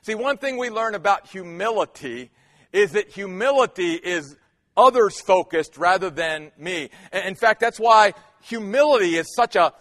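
High-voiced preaching man, reverberant. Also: expressive, normal speed, a bit bright. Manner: emphatic preaching with rhetorical questions. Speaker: pastor. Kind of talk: sermon.

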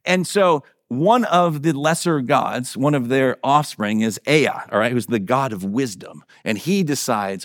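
A man's voice: medium pitch, lively intonation, moderate pace, hardly any pauses, no echo, clean studio sound. A male pastor preaching a conversational sermon in a church, often checking in with his listeners by asking "right?" and "okay?".

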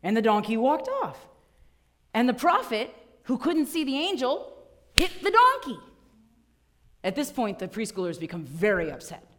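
Woman pastor, sermon delivery, storyteller who slips into voices, a bit high-pitched. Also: big pitch swings, moderate pace, a bit bright. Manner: storytelling, playful, acts out voices in quotes.

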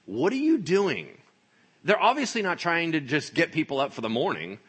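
A man's voice: fairly high pitch, normal speed, breathy edge. A man preaching a sermon, joking and acting out the people in the story as he talks. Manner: animated, joking, acts out voices. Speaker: pastor.

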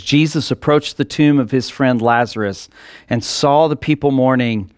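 A man's voice: mid-range voice, normal speed, a little mellow, dry recording, clean studio sound. A male pastor preaching a sermon in an earnest way that builds to emphatic passages.

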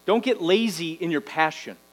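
A man's voice: a little high, moderate pace, rough recording. A man preaching a sermon, exhorting the congregation and tagging lines with "right?". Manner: exhorting, rhetorical "right?" tags. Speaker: pastor.

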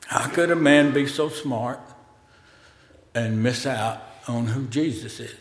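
A man preaching a sermon as pastor, in a slow, conversational way with pauses and fillers, in a church sanctuary. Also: mid-range voice, a little hiss or hum. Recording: roomy hall reverb.

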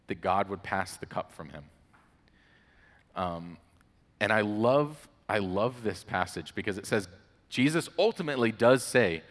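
Male preacher, lowish voice, laid-back and chatty delivery, long hall reverb. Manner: relaxed and chatty, with frequent "like" and storytelling asides. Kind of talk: casual conversational sermon.

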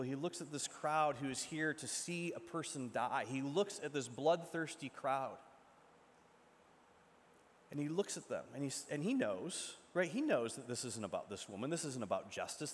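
A male preacher retelling a story in a sermon with dramatic shifts between loud and hushed delivery, recorded with a long echo. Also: mid-range voice, expressive, normal speed, slight background noise. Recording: long echo from a large hall.

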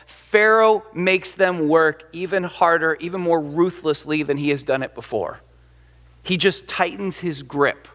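Male pastor, sermon, high voice, animated, emphatic, long hall reverb.

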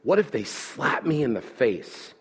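Male pastor preaching, husky voice, rises high for rhetorical questions, lively. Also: measured pace. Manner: animated preaching, voicing listener objections. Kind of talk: sermon.

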